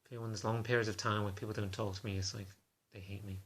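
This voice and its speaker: A man talking to camera in a confessional vlog, halting and self-conscious in a subdued, low-key way. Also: little pitch movement, fairly bright tone. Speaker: vlogger.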